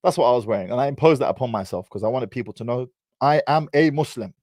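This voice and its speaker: A man's voice: mid-range voice, lively intonation, fast, darkish tone, no echo. A man in his thirties with an English accent, telling a personal story in a casual, teasing, slang-heavy way. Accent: British, English. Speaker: vlogger.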